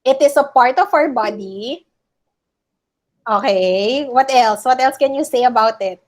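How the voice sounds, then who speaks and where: A woman's voice: fairly high pitch, a little slow. A woman teacher with a Filipino accent, running a word-guessing game on a video call, repeating each answer back as a question. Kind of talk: online class game, mixing English and Filipino.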